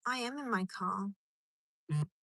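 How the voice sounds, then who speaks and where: Bright chatty woman streaming from her car. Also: medium pitch, animated, measured pace, dry recording. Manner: rambling and chatty, answering chat comments. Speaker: live streamer. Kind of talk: casual live stream chat.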